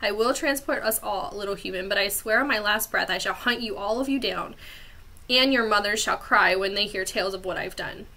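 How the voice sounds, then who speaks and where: A woman voicing a furious, vengeful female dragon with a hissing, raised, loud delivery in a storybook read-aloud. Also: mid-range voice, brisk.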